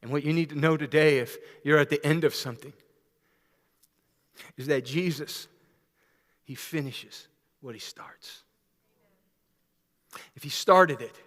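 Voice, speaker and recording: A man preaching a sermon as pastor, dropping to hushed, intimate lines and rising into loud, laughing storytelling. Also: a little high, a little slow, long pauses, big-room sound. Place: church sanctuary.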